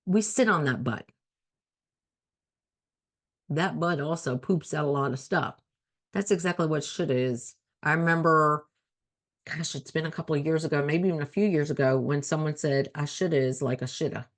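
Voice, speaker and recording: A woman's voice: sits low, normal speed, long pauses. A woman life coach hosting her own talk show, speaking earnestly and conversationally, repeating key phrases for emphasis. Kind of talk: solo talk show monologue.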